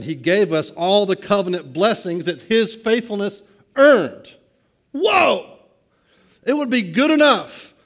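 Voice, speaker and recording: Animated man preaching, soft to loud. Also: on the high side. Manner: swings from soft hushed lines to loud excited bursts. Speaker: pastor. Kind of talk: sermon.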